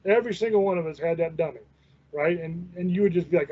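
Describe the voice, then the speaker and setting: A man's voice: on the high side, fast, warm tone. A man in his forties hosting a show, telling a rambling, profane story in a folksy, casual way. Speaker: host. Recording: dull lo-fi recording.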